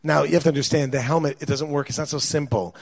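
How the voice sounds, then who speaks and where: A man, a father of young children, telling a personal story in an animated way, repeating words and acting out what others said. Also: a little high, quick pace, creaky. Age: adult, father of young children. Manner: lively, acts out quoted dialogue, repeats words when excited.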